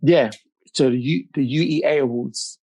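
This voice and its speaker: A man's voice: mid-range voice, moderate pace, mellow, slightly rough. A British man chatting as a podcast guest, laughing easily and restarting his sentences. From United Kingdom. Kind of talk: casual chat.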